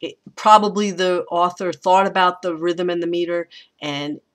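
A teacher with a bright, clear-edged voice talks through a poem's meter in a relaxed recorded lecture. Lines of verse are read slowly, with the stressed beats leaned on. Between the readings the explanation thinks aloud and restarts now and then. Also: medium pitch. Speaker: college English teacher.

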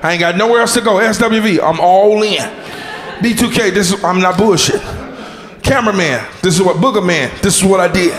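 A man doing a stand-up comedy set on a club stage, loud and animated, shouting punchlines, making sound effects and calling out audience members and crew. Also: high voice, brisk. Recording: roomy club echo with crowd noise. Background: audience laughter.

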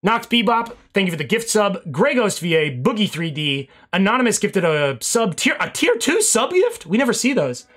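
A man's voice: sits high, lively intonation, moderate pace, hardly any pauses, fairly bright tone. A young man streaming, rambling casually through thank-yous to his chat and swearing now and then, a little out of breath.

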